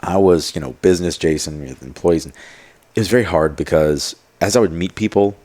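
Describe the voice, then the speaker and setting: A man's voice: low voice, fairly quick, mellow. A man telling stories as a podcast guest, in a rambling casual way full of fillers and quoted asides. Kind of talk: casual storytelling.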